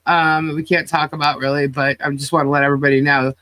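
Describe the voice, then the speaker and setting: A woman's voice: sits low, fast talker, no echo. A woman co-hosting a podcast in casual chat, blunt and fired up as she trash-talks critics. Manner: blunt, animated, trash-talking. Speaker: podcast co-host.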